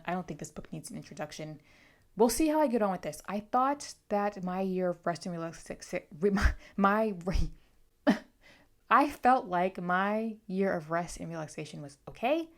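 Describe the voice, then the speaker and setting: Outspoken woman with a low voice. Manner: chatty and outspoken, with quick asides. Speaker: book vlogger. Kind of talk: casual book haul vlog.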